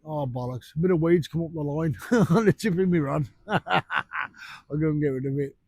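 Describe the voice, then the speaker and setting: A man, talking casually for a fishing vlog in a blunt, sweary, ranting way, outdoors on a beach at night by rough surf. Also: on the high side, normal speed, dry recording. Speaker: fishing vlogger.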